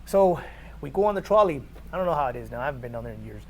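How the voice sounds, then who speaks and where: A man's voice: mid-range voice, very fast, slight background noise. A man from California, a podcast guest, telling a story animatedly with many repeated words. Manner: animated, repeats words, acts out quoted dialogue. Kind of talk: conversational storytelling.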